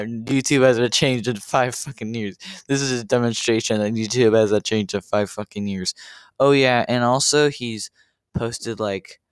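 A man's voice: on the low side, clear, resonant tone, dry recording, clean studio sound. A man giving profane reaction commentary on a video, exasperated and rambling, with stammers.

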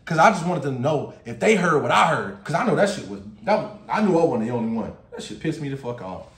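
Talking fast, a man spins a profanity-laced storytime tale for his vlog, animated and frequently dissolving into laughter. His pitch is high for a man, and the room sounds big and echoey.

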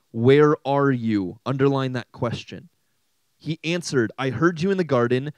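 An animated young man gives a sermon to a teenage youth group, asking the room question after question and joking along the way. His voice sits at a middle pitch, and the sound is close and dry, with no echo. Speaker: youth pastor.

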